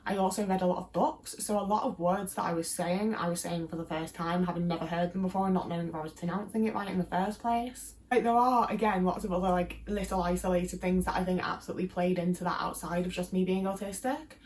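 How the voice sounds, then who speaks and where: A woman's voice: fairly low pitch, fairly even intonation, fast talker, hardly any pauses, a little mellow, slight background noise. A young English woman with a Midlands accent, chatting casually to camera in a rambling way with lots of fillers. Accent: English, Midlands mixed with Liverpool. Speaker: YouTuber.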